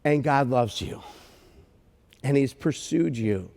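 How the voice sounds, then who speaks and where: A man's voice: mid-range voice, creaky, in a large hall. A man preaching a sermon, telling a story with lots of restarts and acting out the dialogue. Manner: animated, halting restarts, acts out dialogue. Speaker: guest pastor. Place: church sanctuary.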